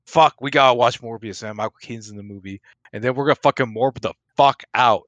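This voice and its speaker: A man's voice: mid-range voice, fast talker, fairly bright tone, no echo, muffled recording. Man, casual podcast co-host, filler-heavy rambling, dead dry room. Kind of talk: casual profane chat.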